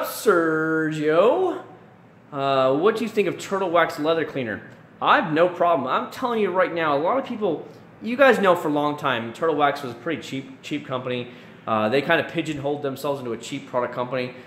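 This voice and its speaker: A man in his thirties chats loosely with his live-stream viewers, rambling and restarting his sentences. His voice is bright and forward. It bounces around an echoey room over a faint hiss. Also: fairly high pitch. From Central Florida. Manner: rambling, chatty, frequent restarts and fillers. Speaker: YouTube live-stream host answering chat. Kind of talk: casual live-stream chat.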